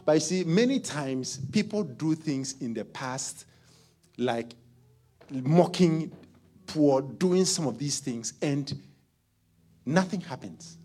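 A man preaching a midweek sermon, lively and conversational, often repeating words as he works out his thought. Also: on the high side, takes it slowly, long pauses, slightly rough. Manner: animated, repeats words while thinking aloud. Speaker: pastor.

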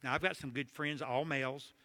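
A middle-aged man preaching a humorous sermon, telling stories with jokes and animated asides in a church or conference hall. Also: medium pitch, fairly quick. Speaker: marriage conference speaker. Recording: long hall reverb.

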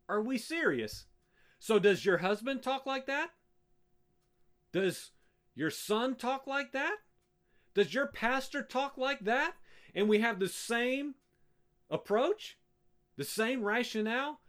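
Animated high-voiced pastor preaching. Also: male voice, slow, pauses often. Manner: rhetorical questions, emphatic and animated. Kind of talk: sermon.

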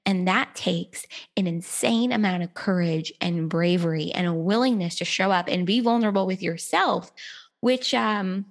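A woman's voice: lowish voice, normal speed. A woman hosting a podcast, responding to her guest in a thoughtful, affirming way. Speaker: podcast host. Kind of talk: reflective conversation.

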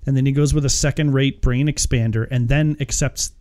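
A man co-hosting a movie review podcast, talking casually and profanely, animated and hesitant, acting out mocking quotes. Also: mid-range voice, a little fast. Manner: animated, mocks with put-on quotes, frequent hesitations.

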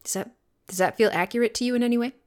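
A woman's voice: fairly high pitch, racing, a little mellow. A woman co-hosting a podcast, chatting casually with sarcastic, self-mocking jokes. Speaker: podcast co-host. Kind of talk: casual chat.

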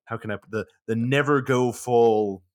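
A man's voice: mid-range voice, steady tone, measured pace, darkish tone. A man in his twenties co-hosting a podcast, casually recapping a film's plot with plenty of swearing and filler words. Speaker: podcast co-host.

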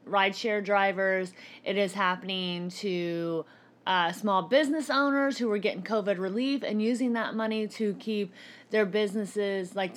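A woman chatting casually but pressing her case with confidence. She builds her points one after another in a mid-range voice. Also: mid-range voice. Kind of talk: casual chat.

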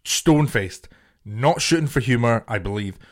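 A man's voice: medium pitch, expressive. A young man co-hosting a podcast, blunt and sweary in casual chat. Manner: blunt, sweary, quick to laugh. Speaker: podcast co-host.

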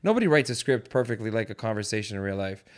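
A man's voice: on the low side, sing-song, very fast. A man hosting a casual podcast chat, laid-back and slangy, often calling his guest bro and man.

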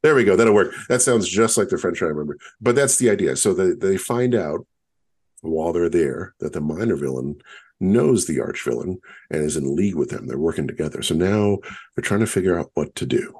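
Husky low-voiced man explaining game ideas. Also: lively intonation, darkish tone. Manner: explanatory, measured, storyteller pacing. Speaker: podcast co-host. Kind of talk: casual podcast discussion.

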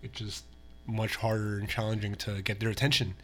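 A man with a low voice talks as a musician guest in a relaxed interview. He is laid-back and loose, repeats himself, and drops a casual "dude". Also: fairly quick.

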